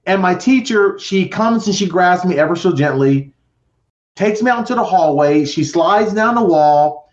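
A middle-aged man appears as a podcast guest, dramatically recounting his own story, acting out voices and counting down. His voice sits high and sounds animated at a moderate pace. The recording is roomy, dull and lo-fi.

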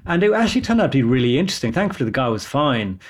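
A man, a radiologist, chatting casually on a podcast and telling animated stories with frequent laughs. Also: medium pitch, rapid-fire. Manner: animated storyteller, laughs often.

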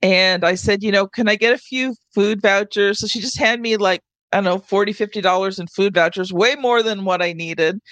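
A woman hosting a podcast, telling a relaxed, chatty story in casual conversation. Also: medium pitch, normal speed, few pauses, dry recording, muffled recording. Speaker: podcast host.

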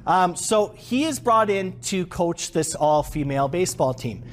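A man giving an interactive leadership workshop to a live audience, animated and quizzing the room. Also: sits high. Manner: animated, asks the audience questions.

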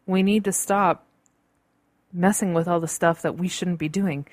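Podcast host, woman, low-pitched, chatty and upbeat, dry home recording. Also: unhurried, no room sound. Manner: bubbly, chatty, animated with playful asides. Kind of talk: casual solo podcast talk. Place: home in a large city. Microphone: computer-recorded podcast mic.

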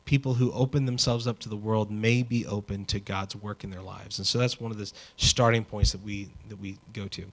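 A man preaching a sermon in a conversational, animated way, with casual asides. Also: medium pitch. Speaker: pastor.

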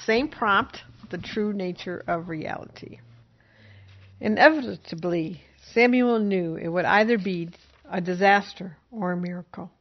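A woman co-hosting a storytelling show who chats briskly before reading her own story. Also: mid-range voice. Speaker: storytelling podcast co-host. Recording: dull lo-fi recording.

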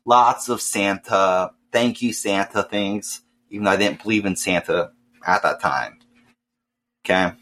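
Man with a lowish voice, telling a story. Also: measured pace. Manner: swears often, acts out voices loudly. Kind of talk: casual storytelling.

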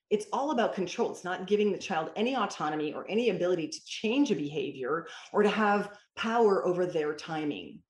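With a slightly mellow voice on the low side, this parent mentor responds to an interviewer through emphatic storytelling, quoting dialogue along the way. A roomy echo colors the audio.

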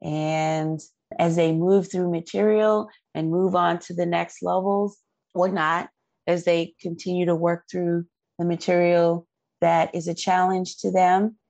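A woman with a low, gravelly voice tells an earnest, heartfelt story as an interview guest. Her voice is close and dry, with no room around it. She talks at length with real feeling. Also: little pitch movement, measured pace, a little mellow, no room sound. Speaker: guest parent.

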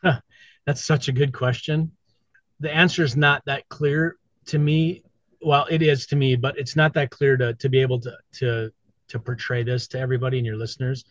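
A man's voice: medium pitch, fairly even intonation, moderate pace, dry recording. A middle-aged man, a podcast guest, talking candidly and bluntly in casual conversation, swearing and repeating himself. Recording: dull lo-fi sound, dry.

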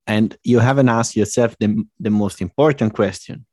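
A man with a dark, mellow voice, recorded close and dry with no room sound, co-hosts a relaxed chat. He answers in short, dry quips. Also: on the low side, moderate pace, dry recording. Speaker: podcast co-host. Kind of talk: casual chat.

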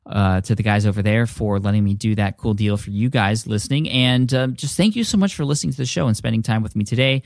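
Male podcast host, lowish voice, eager and chatty, dry booth sound. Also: no echo. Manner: enthusiastic, many restarts and fillers. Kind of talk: casual podcast talk.

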